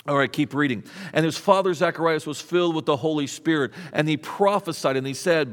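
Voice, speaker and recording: A man with a slightly high voice preaches a conversational sermon, often restarting his phrases and asking the listeners rhetorical questions. His voice carries a long reverb, as in a church sanctuary. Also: fairly quick, few pauses. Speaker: pastor.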